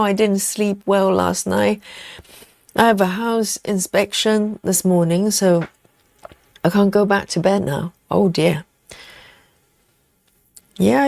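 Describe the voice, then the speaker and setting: Woman, slow relaxed live-stream chat, gravelly, dry recording. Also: mid-range voice, no echo. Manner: relaxed, unhurried, chatting to viewers. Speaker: host of a cross-stitch livestream. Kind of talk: casual live-stream chat while stitching. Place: at home in the evening.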